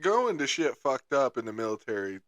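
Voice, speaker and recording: A man co-hosting a podcast, chiming in with quick wisecracks and questions. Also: medium pitch, sing-song, fairly bright tone, no echo, studio quality. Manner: wisecracking interjections. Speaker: podcast co-host. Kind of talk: casual chat, short reactions.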